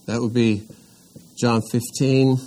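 A man leads a Sunday school class, reading scripture aloud before breaking it down for the group. He talks slowly and deliberately, pausing and restarting his sentences as he works his way toward questions for the class. His voice sits at a medium pitch. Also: level tone, warm tone. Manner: slow and deliberate, with frequent pauses and restarts. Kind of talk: church Bible class teaching.

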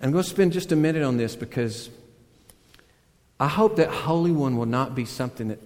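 A man preaching a sermon, earnest and conversational, swelling to loud emphatic peaks and dropping back to a hush. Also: medium pitch, animated, brisk, big-room sound. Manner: conversational storytelling with self-deprecating asides. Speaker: pastor.

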